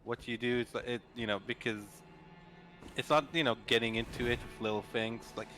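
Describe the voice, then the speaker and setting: A man in casual conversation, talking haltingly with many fillers as he searches for words. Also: medium pitch, steady tone, a bit bright, faint music behind. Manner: halting, full of fillers like "you know" and "like". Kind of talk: casual chat.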